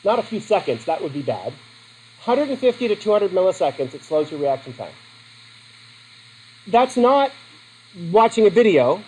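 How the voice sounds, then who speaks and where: High-voiced middle-aged male teacher lecturing. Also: sing-song, normal speed, long pauses, a little mellow, slight background noise, poor audio. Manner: joking, conversational, asks the class questions. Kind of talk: classroom lecture. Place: classroom.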